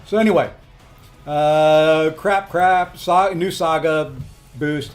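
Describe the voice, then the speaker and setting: A man streaming a mobile game, chatting casually with viewers and often filling pauses with ums. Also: a little high, steady tone. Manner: chatty, frequent ums and restarts. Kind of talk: casual livestream commentary.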